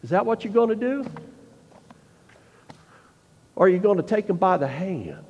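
A man preaching a sermon, emphatic and full of rhetorical questions, often dropping to a quiet, intense tone. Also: high voice, very animated, quick pace, big-room sound, dull audio.

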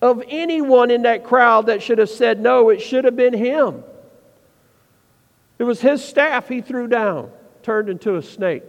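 A man preaching a sermon, asking the listeners pointed questions and slowing down to stress his points. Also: extremely high pitch, creaky. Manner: preaching with rhetorical questions and slowed emphasis. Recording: dull sound with long reverb.

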